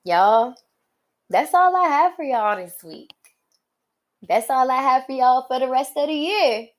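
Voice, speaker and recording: A woman hosting her own podcast, giving motivational talk with drawn-out, emphatic pauses and colloquial phrasing. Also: high voice, lively intonation. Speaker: podcast host.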